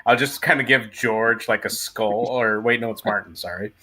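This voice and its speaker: A man playing in a tabletop game, chatting briskly about his character. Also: lowish voice, pushed and bright. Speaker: player. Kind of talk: tabletop role-play.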